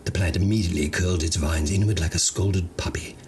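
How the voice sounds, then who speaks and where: A man's voice: low voice, fast, a little mellow, slight background noise. A man giving a wry scripted narration of a comedic sci-fi story.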